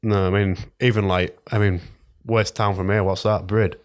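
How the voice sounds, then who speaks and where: A man's voice: lowish voice, level tone, normal speed. A young man, co-hosting a podcast in casual chat, blunt and sweary, often restarting his sentences. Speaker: podcast co-host.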